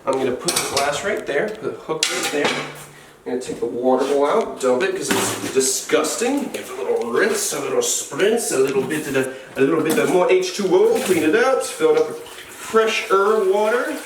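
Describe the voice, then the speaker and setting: A man's voice: on the high side, lively intonation, normal speed, noisy background. A man hosting a wildlife vlog, chatting playfully while he cleans enclosures and talks to the animals. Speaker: wildlife keeper and vlog host. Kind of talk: casual narration while working. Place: indoor animal enclosure room. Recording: roomy, distant mic, music underneath.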